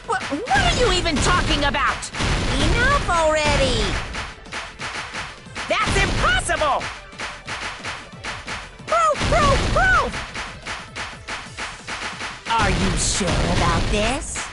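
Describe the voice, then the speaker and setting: A performer voicing a mischievous, gleeful and cruel bear mascot in a video game, throwing mocking sing-song taunts and sudden shouts. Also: high voice, wildly swooping pitch, slow pace, pauses often, full character voice. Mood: taunting. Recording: game audio with loud music.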